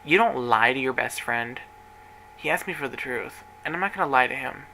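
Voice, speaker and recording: A man who manages a workplace tells a personal story vlog-style, rambling and getting emotional as he acts out what everyone said. His mid-range voice is lively, with vocal fry and a sharp tone, at a moderate pace. The recording is low quality, with slight background noise.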